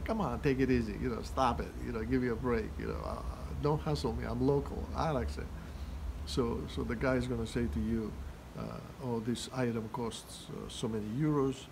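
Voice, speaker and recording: A man walks through everyday phrases in a relaxed, rambling teaching style. He fills his talk with fillers and restarts and laughs at his own examples. His voice sits at an ordinary middle pitch, and steady noise runs under the recording. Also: vocal fry. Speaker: language teacher. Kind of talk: casual vocabulary lesson.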